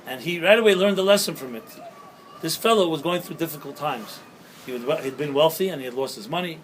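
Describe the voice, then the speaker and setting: A man's voice: on the high side, brisk, fairly bright tone, a little hiss or hum, low-quality recording. A man speaking as a rabbi, delivering a sermon-style talk outdoors, telling stories and jokes and asking the listeners questions. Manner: storytelling with jokes and rhetorical questions. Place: outdoors at sunset.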